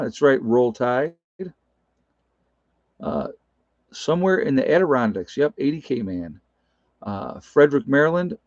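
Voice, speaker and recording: A man's voice: mid-range voice, darkish tone, no room sound, muffled recording. A man hosting a casual livestream, reading out viewer comments and chuckling often. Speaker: livestream host.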